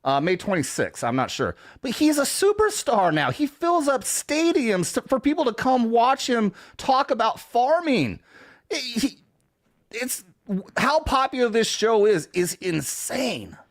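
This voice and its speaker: A man's voice: extremely high pitch, very animated, unhurried, dry recording, studio quality. A man hosting a casual chat stream, talking in a rambling, profane way and laughing often. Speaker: show host.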